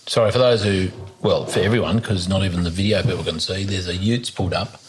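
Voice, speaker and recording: A man's voice: low-pitched, fast talker, a little hiss or hum. A man hosting an interview, enthusiastic and often stumbling over his words. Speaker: podcast host. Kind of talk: casual interview conversation.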